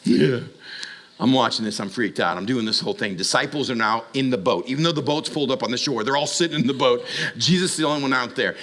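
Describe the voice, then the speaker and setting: A man preaching a sermon to young adults, telling the story in an animated way with comic asides and urgent direct appeals to his listeners. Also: quick pace. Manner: acts out voices with sudden high jumps.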